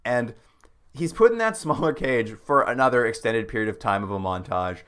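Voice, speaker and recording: A man co-hosting a podcast, recapping a TV miniseries in casual chat with wry, deadpan asides and chuckles. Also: medium pitch, moderate pace, clear, resonant tone. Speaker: podcast co-host.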